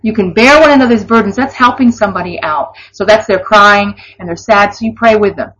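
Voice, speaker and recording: In a dull, lo-fi recording of an online or broadcast session, a woman gives an informal Christian devotional teaching. Her voice is mid-range and fairly bright, and she talks fairly quickly, earnest and conversational, with laughing asides.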